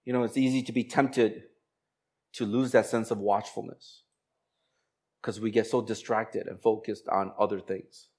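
A man preaching as a pastor, moving from slow, emphatic scripture reading into a chatty, laughing personal story. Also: on the low side. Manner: conversational, animated storytelling with laughs and quoted voices.

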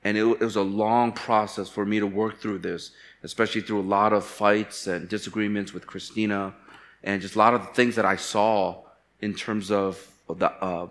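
A pastor from Chicago preaching a sermon, telling candid personal stories with self-deprecating humor. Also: male voice, lowish voice, bright, forceful tone. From Chicago, USA.

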